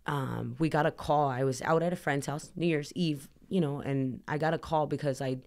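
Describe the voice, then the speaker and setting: A woman's voice: deep voice, fairly even intonation, normal speed, darkish tone. Earnest woman rambling through her story. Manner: rambling, heavy use of "like"; earnest, emotional retelling. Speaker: podcast guest. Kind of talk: personal storytelling in an interview.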